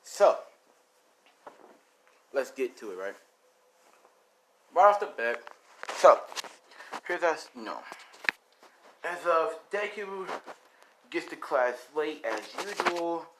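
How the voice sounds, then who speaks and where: A man's voice: fairly high pitch, very animated, slow pace, long pauses, fairly bright tone, slight background noise, poor audio. A young man improvising a fan story, rambling with lots of filler and casual slang. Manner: rambling, full of "you know" and "he's like".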